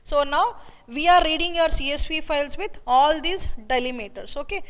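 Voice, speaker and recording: A woman walks through a coding lesson step by step, repeating herself often. Her voice sits high, and the recording has a long, ringing reverb around it. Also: moderate pace, a bit bright. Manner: repetitive, explains step by step with filler "okay" and "see here". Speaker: programming teacher.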